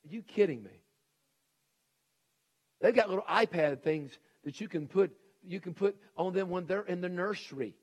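A middle-aged male pastor preaching a sermon, swinging between shouted emphasis and hushed intensity. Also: high-pitched, moderate pace.

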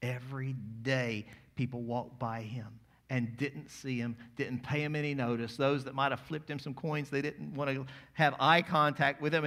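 A man's voice: mid-range voice, level tone, moderate pace. Man preaching with rising intensity. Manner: dynamic preaching, swings from quiet to loud. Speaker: pastor. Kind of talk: sermon.

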